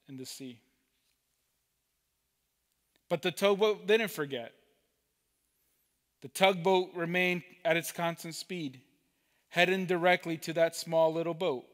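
A man preaching, telling a parable slowly and deliberately as a pastor. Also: on the high side, a bit bright, big-room sound. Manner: slow, deliberate storytelling. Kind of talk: sermon storytelling. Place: church sanctuary.

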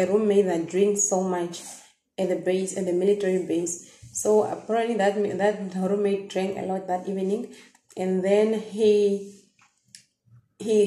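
A woman's voice: mid-range voice, mellow. Emotional Namibian woman telling a story. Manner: emotional, halting, many restarts and fillers. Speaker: vlogger. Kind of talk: personal storytelling to viewers. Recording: echoey room.

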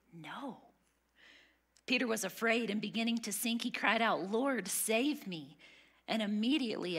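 A woman teaching a women's Bible study, earnest and emphatic, sometimes dropping to a hush. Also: medium pitch, slightly rough. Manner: earnest, emphatic, drops to a hush on key lines.

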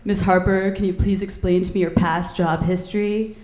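A woman's voice: mid-range voice, steady tone, normal speed, a little mellow, voice pushed down, close to an everyday voice. A woman doing a stiff male interviewer. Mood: formal. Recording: echoey comedy club.

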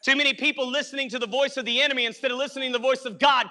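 High, bright-voiced preacher man in a reverberant hall. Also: very fast, few pauses. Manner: emphatic, repetitive, addresses the congregation with "hey, listen". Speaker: pastor. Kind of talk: sermon. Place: church sanctuary.

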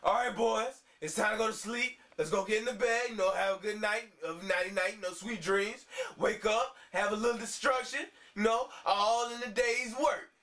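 A man voicing a hyper, fast-talking male bird who rambles excitably in a puppet comedy skit. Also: sits high. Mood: chummy.

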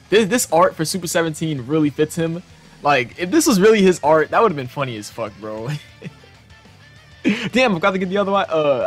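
A young man hosting a gaming channel, reacting to memes in casual, excitable commentary that is full of swearing and frequent laughter. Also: on the high side. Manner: excitable, profane, laughs often.

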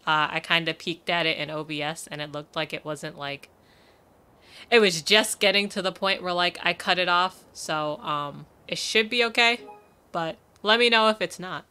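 A woman's voice: fairly low pitch, steady tone, moderate pace, pushed and bright, smooth. Chatty young woman streamer. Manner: rambling, laughing, lots of "like" and "um". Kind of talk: casual live game stream chat.

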